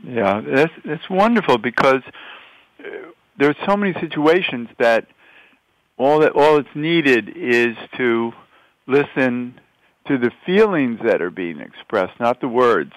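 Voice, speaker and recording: A man hosts an easygoing interview, agreeing often and restating his guest's ideas in his own words. His voice sits at an everyday middle pitch, recorded dry with no echo. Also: lively intonation, unhurried. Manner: affirming, summarizes the guest's points. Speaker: host. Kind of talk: conversational interview.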